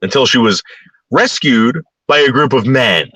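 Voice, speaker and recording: A man's voice: medium pitch, expressive, unhurried, pushed and bright, breathy edge, no echo, low-quality recording. A man ranting bluntly in a heated, profane opinion monologue.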